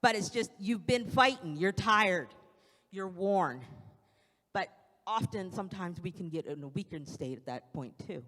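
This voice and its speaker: In a church sanctuary with long, echoing reverb, a woman delivers an evening sermon. Her voice is lowish and fairly bright, her pace measured, and she preaches conversationally while acting out quotes.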